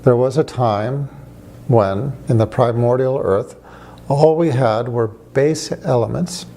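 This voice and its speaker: With a mid-range, dark voice, an American religion speaker takes it slowly as he argues conversationally to camera. He leans on rhetorical questions and dryly humorous storytelling.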